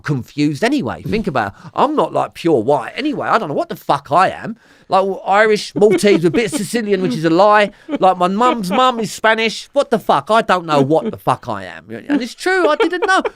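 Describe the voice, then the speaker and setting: A man with a Cockney accent telling his story as an interview guest, rambling and profane, with lots of fillers and a voice that swings from loud to quiet. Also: sits high, big pitch swings, moderate pace, no room sound, clean studio sound. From London, England.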